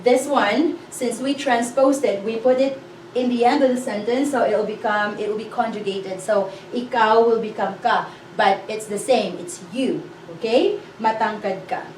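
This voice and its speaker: A woman teaching a language lesson, patiently explaining and repeating example sentences slowly, often checking with "okay?". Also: on the high side, darkish tone. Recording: echoey room, voice a bit far from mic, faint hiss.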